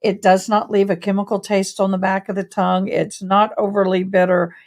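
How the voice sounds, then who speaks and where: A woman's voice: medium pitch, little pitch movement, fairly quick, darkish tone. A woman hosting a casual livestream, bubbly and effusive, greeting viewers as y'all. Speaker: host of a legal news channel.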